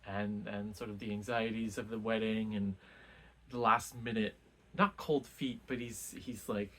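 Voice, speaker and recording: A man's voice: fairly low pitch, steady tone, a little slow, a bit bright. A man casually talking through a book he read, rambling with many restarts and fillers. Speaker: book reviewer.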